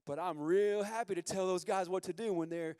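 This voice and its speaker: A man preaching a sermon as pastor, candid and conversational, moving from quiet confession to loud bursts. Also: sits high, a little fast, smooth, no echo, clean studio sound, big-room sound.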